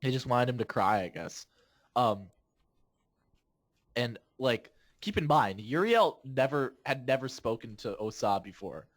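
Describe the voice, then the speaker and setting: A man's voice: mid-range voice, animated, unhurried. A man in his twenties, a podcast host, telling a rambling story in casual chat, laughing often and restarting his sentences.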